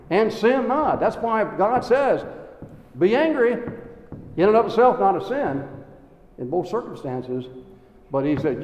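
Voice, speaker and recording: A man's voice: fairly high pitch, a little mellow. A man preaching a sermon, folksy, acting out the people in his stories with quoted voices. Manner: acts out Bible figures in quoted voices, folksy asides. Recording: echoey hall with long reverb.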